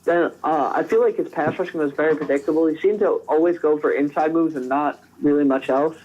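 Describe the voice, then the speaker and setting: A man's voice: a little high, brisk, darkish tone, muffled recording. A man co-hosting a sports podcast, giving casual scouting analysis with frequent restarts. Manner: conversational, frequent restarts and fillers. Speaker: podcast co-host.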